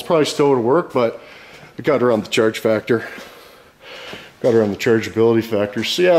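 A man's voice: mid-range voice, slight background noise. Foul-mouthed rambling young man at work. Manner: swears constantly, rambling and jokey. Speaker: vlogger. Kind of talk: profane casual chat while working.

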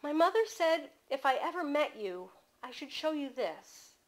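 A woman reading aloud voices a shy seven-year-old girl who speaks quietly, as if reciting. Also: sits high, sing-song, unhurried, voice pushed up. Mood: earnest. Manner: quiet, timid, memorized delivery.

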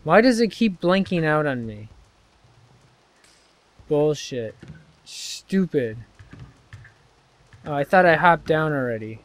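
A man's voice: fairly high pitch, very animated, slow pace, pauses often. Irritated man cursing at a video game. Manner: swearing, muttering, irritated. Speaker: gameplay commentator. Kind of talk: frustrated let's-play commentary.

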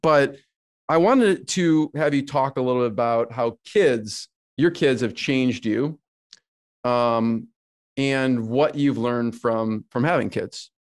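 A man's voice: mid-range voice, slow pace. A man hosting an interview, asking questions hesitantly with many fillers. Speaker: interview host.

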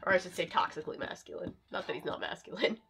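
A woman hosting a casual movie watch-along at home, chatting in rambling asides with quick laughs. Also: fairly low pitch, fairly bright tone. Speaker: host. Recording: background noise under the talk.

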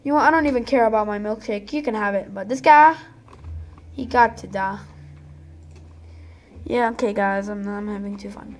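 A gaming channel host gives casual, playful commentary on her gameplay, breaking into dramatic outbursts at the game. Her voice is mid-range, her pace moderate, and she pauses often.

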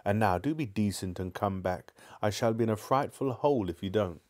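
A man's voice: on the low side, brisk, darkish tone, natural voice. A man voicing an anxious, earnest young boy who pleads in old-fashioned schoolboy slang, in a live book reading. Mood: pleading.

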